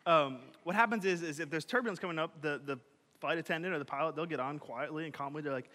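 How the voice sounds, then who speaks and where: A young man preaching a casual, energetic sermon, chatty and full of fillers, swinging between loud and quiet. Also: on the high side, fairly quick. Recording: reverberant hall.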